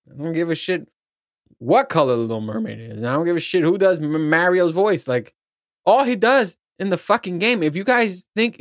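A man's voice: a little high, no echo, studio quality. Profane, rambling podcast man. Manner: rambling, profane, laughs at his own points. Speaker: podcast host. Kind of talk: casual solo chat.

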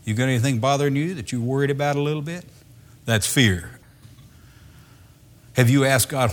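A man preaching a sermon in a lively, conversational way, reading scripture and then explaining it with laughter and acted-out voices. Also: mid-range voice, moderate pace.

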